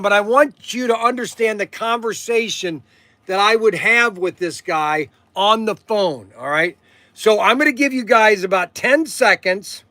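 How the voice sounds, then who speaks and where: A man with a high, bright voice hosts a casual livestream. He rambles, circles back on himself and keeps checking in with his viewers. The sound is dry and close, with no room around it. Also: no echo. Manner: rambling, repeats himself, says okay often. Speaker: livestream host.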